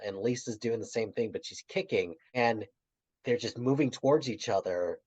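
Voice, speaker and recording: A man's voice: medium pitch, a little slow. Man retelling scenes on dull audio. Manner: retells scenes, trails off quietly. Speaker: podcast co-host. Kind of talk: casual chat.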